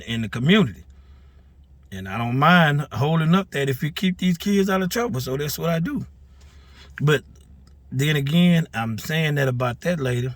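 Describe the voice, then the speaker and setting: A man casually recounting a dispute as a neighborhood mentor, animated and often stumbling over repeated words. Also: medium pitch. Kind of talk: casual storytelling.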